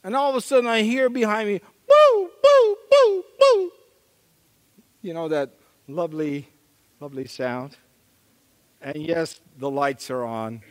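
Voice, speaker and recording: A middle-aged male pastor preaching a story-driven sermon, animated and acting out the voices in his anecdotes. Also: fairly high pitch, normal speed. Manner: animated, acts out quoted voices, chuckles at himself. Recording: long reverb of a large hall.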